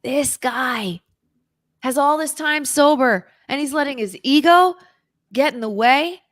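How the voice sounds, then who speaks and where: A woman, a guest on an interview show, telling an intense personal story in a vivid, dramatic way, at times dropping to a hushed whisper. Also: high voice, a little slow, dry recording, clean studio sound. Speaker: interview guest, recovery author.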